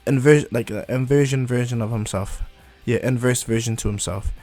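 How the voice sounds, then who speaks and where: Man, casual storyteller, rambling, mid pitch, faint music behind. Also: normal speed, warm tone. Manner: rambling, many fillers and restarts. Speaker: fan storyteller. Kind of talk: casual retelling of a fan story.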